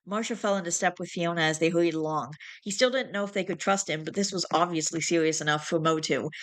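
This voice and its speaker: A woman's voice: on the low side, fast. A woman reading fiction aloud, now and then correcting herself with little asides. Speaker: reader.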